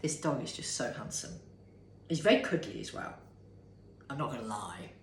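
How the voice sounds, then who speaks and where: A British woman, a spiritual coach, talking slowly and earnestly in a casual reflective vlog recorded at home. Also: rumbling low, lively intonation. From United Kingdom. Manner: slow, heartfelt and earnest, with drawn-out pauses. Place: at home with dogs. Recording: echoey room, faint background noise.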